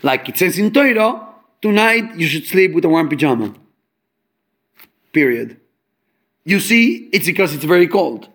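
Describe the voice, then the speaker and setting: Animated high-voiced man teaching Torah. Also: unhurried, pauses often. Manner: animated, explains with homely examples; mixes English with Hebrew and Yiddish terms. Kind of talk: fabrengen talk on Chassidic teachings.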